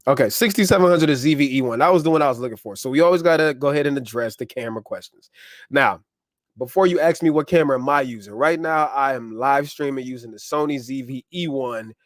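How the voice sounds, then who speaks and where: A man's voice: mid-range voice, fast talker, no room sound, studio quality. A man hosting a casual live stream, chatting loosely with viewers and reading out their comments, on a clip-on wireless mic.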